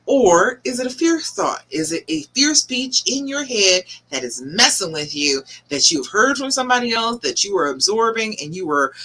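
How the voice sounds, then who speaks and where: A middle-aged woman hosts a live advice stream as a relationship coach. Her voice is bright and swings widely in pitch as she coaxes and presses her points, calling her viewers by name. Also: very animated, normal speed, hardly any pauses. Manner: emphatic, coaxing, talks straight to viewers by name.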